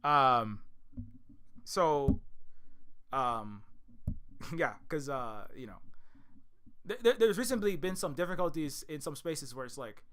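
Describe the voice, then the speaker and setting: A man's voice: on the high side, animated, slow pace, long pauses, a bit bright, smooth. A young man from Hawaii talking in a rambling, emphatic monologue, swearing often and restarting his sentences. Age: young adult. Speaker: video creator. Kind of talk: casual monologue.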